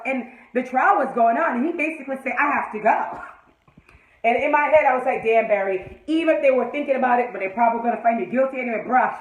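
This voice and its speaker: Woman, fan review rant, high-pitched, profane, animated, echoey room. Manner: animated, profane, acts out scenes, laughs often. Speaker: TV episode reviewer.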